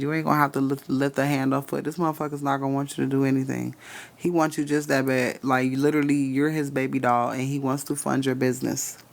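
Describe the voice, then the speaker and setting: A man's voice: medium pitch, gravelly. A man giving spiritual readings on a casual live stream, cursing freely, laughing often and talking straight to his chat.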